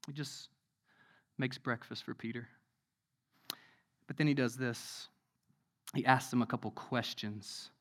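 A man preaching a sermon in a conversational way, asking many rhetorical questions and moving between loud emphasis and hushed passages. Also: mid-range voice, fairly even intonation, moderate pace, long pauses. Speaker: pastor.

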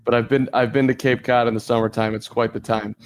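A man's voice: medium pitch, level tone, quick pace. A man from Chicago co-hosting a podcast in casual sports chat, joking and rambling through asides. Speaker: podcast co-host.

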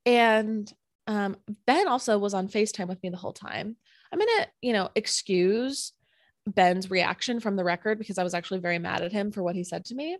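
A woman's voice: medium pitch, brisk, no room sound. Chatty woman telling a story, dry sound. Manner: animated, filler-heavy retelling with many "like"s. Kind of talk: casual storytelling chat.

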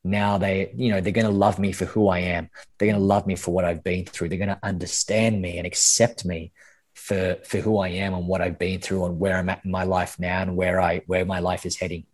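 Man, very low pitch, halting, repeats words, casual swearing, interview guest. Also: little pitch movement. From Australia. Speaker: podcast guest. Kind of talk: candid interview conversation.

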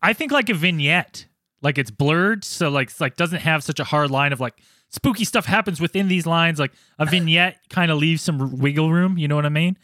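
A man's voice: a little high, normal speed, pushed and bright, dry recording, clean studio sound. A man co-hosting a podcast in casual chat, joking and peppering his talk with "like". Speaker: podcast co-host.

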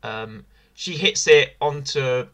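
Bright-voiced man rambling about wrestling. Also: medium pitch, takes it slowly. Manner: rambling, repeats phrases, restarts often. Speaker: podcast co-host. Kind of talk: casual wrestling review chat.

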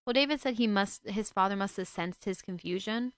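A woman's voice: medium pitch, a little fast, clean tone, no echo. A woman hosting a casual book talk, retelling a story with emotional, indignant asides. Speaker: book discussion host.

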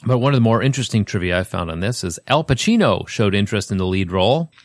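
A man's voice: lowish voice, lively intonation, fast talker, no room sound, clean studio sound. A middle-aged man hosting a casual podcast chat, reading film trivia aloud with a chatty, self-deprecating manner. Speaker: podcast host.

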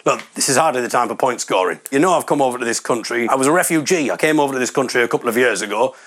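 A man's voice: mid-range voice, lively intonation, rapid-fire, a bit bright. A man, a comedian telling wry, rambling stories about his gigs. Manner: rambling, wry, self-deprecating. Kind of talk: comic storytelling monologue.

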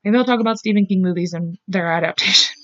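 A woman's voice: mid-range voice, quick pace, a bit bright, no room sound. A young woman co-hosting a podcast, telling a true-crime story casually, swearing freely and breaking off into asides. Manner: chatty, swears freely, self-interrupting with asides. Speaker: podcast co-host. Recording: muffled lo-fi dry mic.

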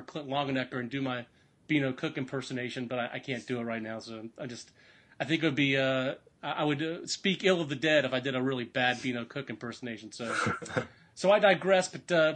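A man's voice: on the high side, fairly bright tone. A man, sick at the moment, talking college baseball in a rambling podcast chat with many fillers and restarts.

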